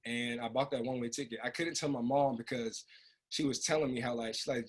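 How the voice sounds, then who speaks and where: A man who trains a business group, telling an emotional personal story in a casual, animated way over a video call. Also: medium pitch, fast talker.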